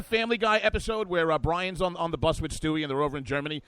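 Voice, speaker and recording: A man hosting a political talk radio show, brash and hyped, riffing fast between topics on a studio microphone. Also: a little high, steady tone, fairly bright tone, clear, resonant tone, no echo.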